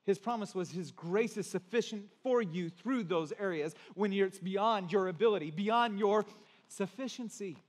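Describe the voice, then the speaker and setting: Male pastor, high voice, conversational sermon with emphatic builds, large reverberant hall. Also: moderate pace.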